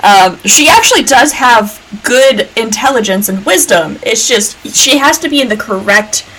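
A woman's voice: fairly high pitch, expressive, moderate pace, fairly bright tone, slight background noise, poor audio. A woman from Georgia, a podcast guest chatting casually with lots of fillers. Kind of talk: casual chat.

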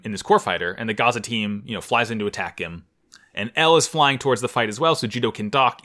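A man co-hosting a casual podcast, his voice lively and swooping up and down as he jokes through a recap. His tone is bright and forward. He jumps high for emphasis and keeps the banter loose. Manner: animated, jokey, swings his pitch up high for emphasis. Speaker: podcast co-host. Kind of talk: casual chat recapping an anime episode.

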